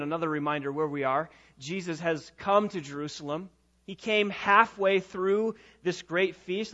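A man preaching a sermon as pastor, swelling from quiet teaching to loud, passionate proclamation. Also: high-pitched, dull audio. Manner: preaching with rising and falling intensity, sometimes loud.

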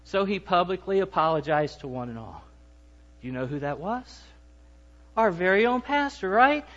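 Man, 50s, lay preacher; high voice, self-deprecating humor, dull lo-fi sound. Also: sing-song, normal speed, fairly bright tone. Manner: joking, self-deprecating, conversational. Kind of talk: humorous sermon.

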